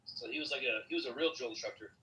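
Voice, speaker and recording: A man's voice: medium pitch, sharp tone, far from the mic, a little hiss or hum, rough recording. A man chatting casually on a podcast, curious and full of questions. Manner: quick, curious, asks questions.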